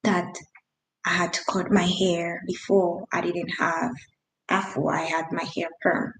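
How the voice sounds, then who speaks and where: A woman's voice: lowish voice, little pitch movement, a little slow, roomy sound, slight background noise, rough recording. A woman from Haiti, in her thirties, telling a personal story in an earnest, emphatic way, with restarts and non-native grammar. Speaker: vlogger.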